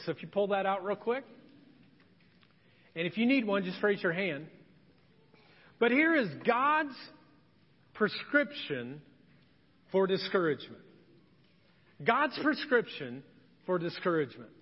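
A middle-aged male pastor delivers an earnest, conversational sermon, pausing for effect between phrases. His voice sits unusually high for a man. The sound is slightly dull and carries the long reverb of a church sanctuary. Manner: earnest, conversational preaching with dramatic pauses.

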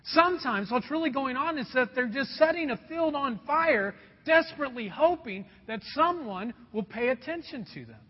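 A man's voice: very high-pitched, animated, moderate pace, hardly any pauses, slightly rough. A man preaching a sermon, telling a personal story in an earnest way and calling his listeners folks. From Indiana, USA. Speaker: pastor. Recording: dull sound with long hall reverb.

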